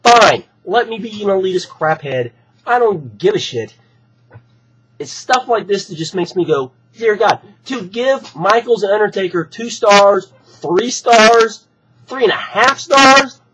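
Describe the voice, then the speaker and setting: A hoarse man, still recovering from being sick, ranting heatedly and with plenty of swearing in an opinion vlog. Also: sits high, lively intonation, measured pace, a bit bright, slight background noise, poor audio. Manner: heated, profane, repetitive ranting. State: hoarse from recent illness. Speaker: wrestling fan vlogger. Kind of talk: opinion rant to camera.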